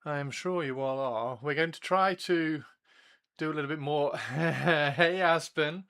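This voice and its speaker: A man chats on his livestream in a bright, slightly high voice. He rambles, repeats himself and laughs often as he greets viewers. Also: unhurried, smooth. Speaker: livestream host. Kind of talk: casual chat while building models.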